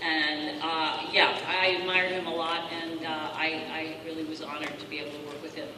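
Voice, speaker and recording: A woman, a guest actor at a convention panel, speaking earnestly and thoughtfully, with pauses. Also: sits low, level tone. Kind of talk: casual panel answer. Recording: echoey hall from far off, noisy.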